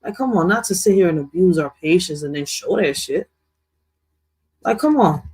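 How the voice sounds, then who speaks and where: A man's voice: high-pitched, expressive, moderate pace, a little mellow, breathy edge. A man co-hosting a news commentary show, talking casually with heated, profane outbursts. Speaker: co-host.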